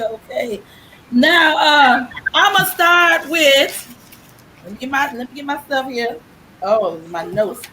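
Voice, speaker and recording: A woman hosting a live stream show over a video call, effusive and excited as she welcomes each guest. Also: sits high, a little hiss or hum, low-quality recording. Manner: excited, effusive, laughing and shouting greetings. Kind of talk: enthusiastic live stream introductions.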